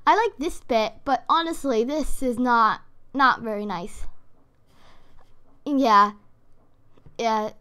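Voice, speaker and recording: Bubbly high-voiced woman gushing excitedly. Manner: excitable and rambling, many fillers. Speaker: gaming YouTuber. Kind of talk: casual reaction video.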